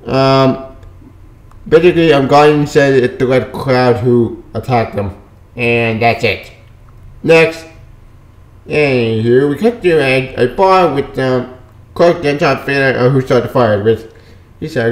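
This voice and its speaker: A man casually reviewing a comic book, dismissive and quick to brush off plot points he doesn't care about. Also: medium pitch, echoey room.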